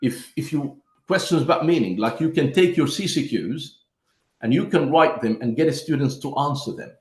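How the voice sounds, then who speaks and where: A man's voice: a little high, lively intonation, normal speed, echoey room. A man giving an online conference talk that explains step by step how to teach grammar through questions, and he calls his listeners his friends. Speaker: teacher trainer.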